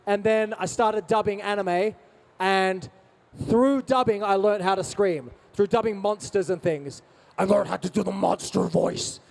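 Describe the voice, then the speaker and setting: A high-voiced man fielding fan questions at a convention. He banters playfully and teases the crowd, mixing in Japanese phrases. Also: measured pace, creaky, a little mellow. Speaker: band singer answering fan questions. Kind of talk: lively stage Q&A banter. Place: convention stage.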